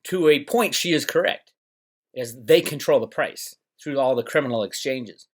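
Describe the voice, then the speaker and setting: A middle-aged channel host rambles on camera at home in Northern California, sarcastic throughout and mocking others in put-on voices. His medium-pitched voice keeps a normal speed.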